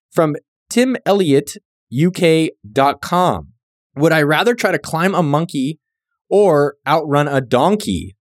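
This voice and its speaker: Podcast guy doing shout outs, chill and slangy, cusses a lot, slightly high voice, dry close sound. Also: no echo. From California, US. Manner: laid-back, profane, joking, slangy. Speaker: podcast host. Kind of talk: casual shout-out monologue.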